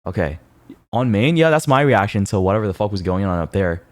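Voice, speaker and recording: A man streaming casually, reacting to viewers' posts in an excitable, sweary way. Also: fairly low pitch, fast, no echo. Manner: excitable, swears freely, jumps between mumbling and loud outbursts.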